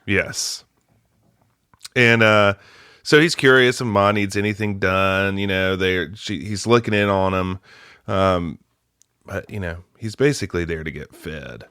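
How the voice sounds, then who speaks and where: A man's voice: deep voice, a little slow, bright, forceful tone, clean tone, dry recording, studio quality. A man casually recapping a movie's plot as a film club host, chatty with laughing asides and lots of fillers.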